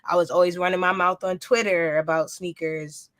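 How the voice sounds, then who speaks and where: A woman who hosts a podcast and creates sneaker content appears as a guest in a casual interview, rambling chattily through her story with lots of filler words. Her voice is on the low side, level and a bit bright, at a moderate pace, in a dry, studio-quality recording.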